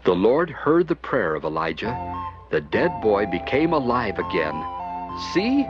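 A man giving scripted narration of a children's Bible story, expressive and animated. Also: lowish voice, normal speed. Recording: dull lo-fi with music behind.

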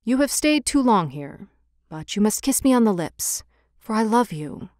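A woman voicing a loving golden statue prince in a storybook, speaking gently and tenderly. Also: sits high, big pitch swings, moderate pace, no echo, studio quality.

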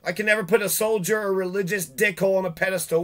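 A man's voice: high-pitched, steady tone, fast, few pauses, a bit bright. A man venting in a profane, sarcastic, rambling monologue, swearing often and mocking the people he is angry at. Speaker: vlogger.

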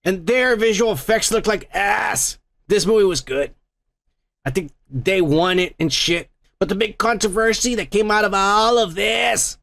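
A man's voice: high voice, fairly bright tone, dry recording. A man hosting a comedy podcast, ranting crudely and mockingly with constant swearing. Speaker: podcast host.

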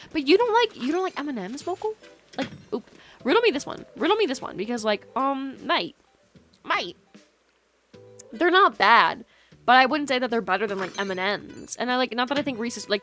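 A young woman live-streaming a game, chatting casually with viewers in a scattered way, full of fillers and laughs. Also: medium pitch. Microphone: USB microphone. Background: soft lofi music.

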